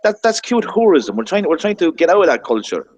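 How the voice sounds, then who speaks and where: A man's voice: high-pitched, sing-song, fast, dry recording, highs cut off. An Irish man on a roundtable panel, talking bluntly and with indignation, swearing as he goes. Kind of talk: heated roundtable discussion.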